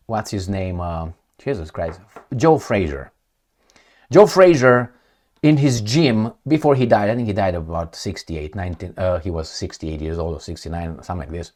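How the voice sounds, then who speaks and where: A middle-aged man from Romania with a Romanian accent, giving sarcastic, digressive commentary from home. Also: mid-range voice. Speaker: political commentator. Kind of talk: casual commentary vlog. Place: at home with his cat.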